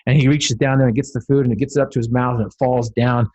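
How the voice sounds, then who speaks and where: A man's voice: medium pitch, fairly even intonation, fast, a little mellow, dull audio. A man speaking as a podcast guest, telling a personal story with dramatic, building emphasis.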